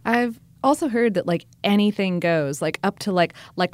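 A woman's voice: medium pitch, normal speed, few pauses, darkish tone, no room sound. Playful woman cohost, chatty, says like a lot, dry studio sound. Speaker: podcast co-host. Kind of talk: casual chat.

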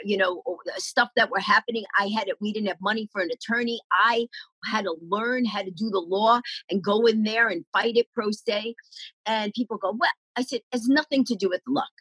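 A middle-aged woman comedian telling life stories in an interview, animated and acting out the voices of the people she quotes. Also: mid-range voice, husky, no echo, poor audio. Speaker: comedian guest. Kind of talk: storytelling interview answers.

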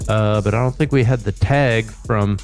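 A man's voice: fairly low pitch, normal speed, a little mellow, soft background music. A man hosting a podcast in casual comedic chat, rambling and joking with a co-host.

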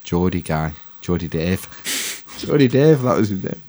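A man's voice: low-pitched, animated, measured pace, darkish tone. A man telling a rambling, sweary story as a podcast co-host. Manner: rambling, swears freely, self-mocking. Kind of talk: casual storytelling chat.

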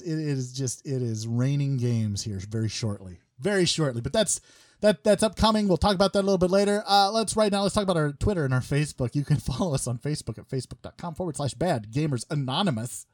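A man's voice: fairly high pitch, darkish tone, no room sound, clean studio sound. A man hosting a casual podcast, rambling and joking with many fillers and restarts. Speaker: podcast host.

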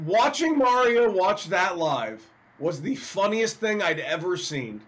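Guy cohosting a baseball show, slightly high voice, animated storytelling, teasing. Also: slow, few pauses, low-quality recording. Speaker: co-host. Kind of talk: casual sports talk.

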